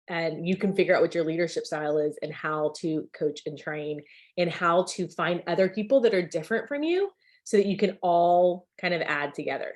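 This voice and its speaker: A woman hosting a video call, chatty and enthusiastic, with lots of filler words. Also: fairly low pitch. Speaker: meeting host.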